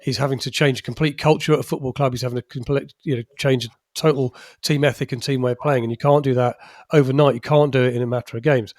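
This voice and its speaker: A man's voice: mid-range voice, fairly even intonation, fast, darkish tone, no echo, clean studio sound. A man co-hosting a football podcast in casual chat, chatty and often laughing through his sentences. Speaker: podcast co-host.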